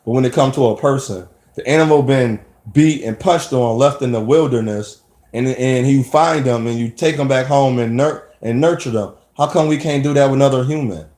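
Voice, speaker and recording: A man's voice: mid-range voice, normal speed, a little mellow, reverberant. A man talking emphatically in a rambling personal monologue, often restarting his sentences. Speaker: vlogger.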